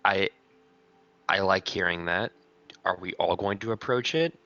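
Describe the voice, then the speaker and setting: A man playing in a tabletop game, talking excitably in quick bursts with restarts. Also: low-pitched, no room sound, muffled recording. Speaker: player. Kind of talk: casual tabletop play.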